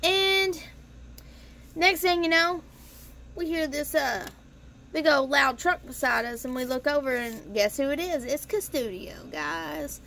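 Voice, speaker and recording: High-voiced woman telling a storytime vlog. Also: a bit bright, a little hiss or hum. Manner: chatty, profane, addresses viewers as guys. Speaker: storytime vlogger.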